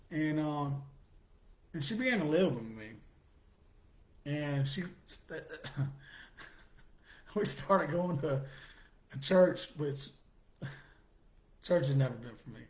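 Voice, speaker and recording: A middle-aged man giving a halting personal testimony, restarting his sentences and laughing softly now and then. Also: fairly high pitch, lively intonation.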